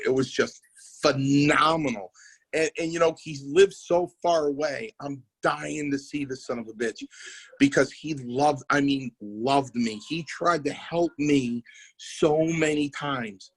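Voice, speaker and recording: Husky and mid-range, this man's voice moves a little slowly through poor audio. A former wrestler and current promoter, he shares wrestling stories in casual podcast talk, animated throughout and acting out the people he quotes.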